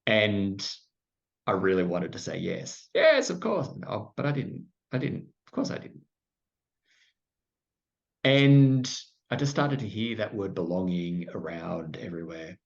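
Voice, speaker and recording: In a muffled, lo-fi recording, a middle-aged Australian man speaks low and unhurried, with vocal fry and long pauses. A podcast guest, he tells his story candidly in conversation, sprinkling in plenty of "like" and self-deprecating asides.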